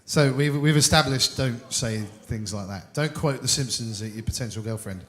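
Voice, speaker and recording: Teasing host on stage. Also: male voice, mid-range voice, moderate pace. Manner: teasing, pressing with questions. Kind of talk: live interview hosting. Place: live venue with audience.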